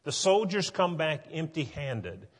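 A man's voice: on the high side, very animated, a little slow, breathy edge, long reverb tail. A male pastor preaching a sermon earnestly, pushing into emphatic points.

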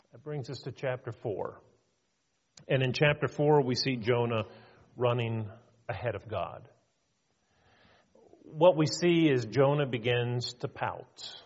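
A man's voice: medium pitch, a little mellow. Earnest man preaching a sermon. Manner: earnest, emphatic, rhetorical questions. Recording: reverberant hall, dull lo-fi.

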